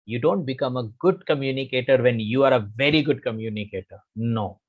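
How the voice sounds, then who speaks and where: A man's voice: medium pitch, dull audio. A middle-aged man with an Indian English accent, teaching a live online communication class and repeating his key phrases, slipping into Hindi at times. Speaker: communication trainer.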